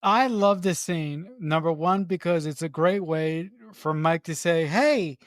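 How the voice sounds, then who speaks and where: A man co-hosting a podcast, talking about a film with enthusiasm. His voice sits a little high for a man, recorded dry and close. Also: fairly even intonation, unhurried, dry recording. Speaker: podcast co-host. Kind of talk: casual movie discussion.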